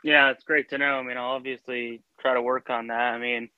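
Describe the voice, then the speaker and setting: A male caller phones in to a sports show and speaks in a flat, even tone that fades at the end of each sentence. The line sounds tinny and dry. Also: mid-range voice, brisk, clean tone, no room sound. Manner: flat, trails off at sentence ends. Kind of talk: phone-in call.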